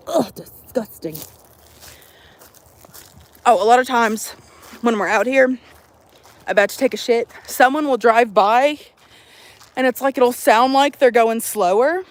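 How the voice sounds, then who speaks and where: A young woman vlogging to her phone outdoors at a campsite, chatting in an animated, profane, jokey way. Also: fairly high pitch, measured pace. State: out of breath. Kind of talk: casual chat to camera.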